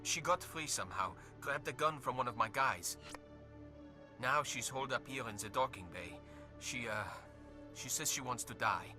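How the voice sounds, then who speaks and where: Actor as dock lieutenant, video game, hesitant, apologetic, music behind. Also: male voice, medium pitch, animated, normal speed, lightly acted. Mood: concerned. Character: concerned male dock lieutenant.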